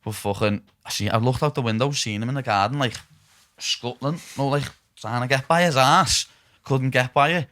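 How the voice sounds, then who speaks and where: A man's voice: mid-range voice, normal speed, no room sound. A young man with a Liverpool accent hosting a podcast, telling stories in casual chat, swearing and saying "lad" constantly. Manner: swearing, says "lad" constantly, animated storytelling. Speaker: podcast host.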